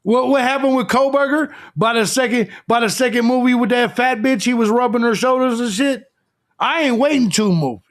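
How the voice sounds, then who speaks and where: A man's voice: very high voice, fairly quick. A man hosting a live stream, ranting crudely and combatively as he lectures his audience. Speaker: live show host.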